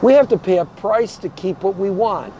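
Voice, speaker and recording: High-voiced man ranting over traffic noise. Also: expressive, normal speed, dark tone, poor audio. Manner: emphatic, hammering rhetorical questions; blunt and combative. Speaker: show host. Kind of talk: political commentary rant.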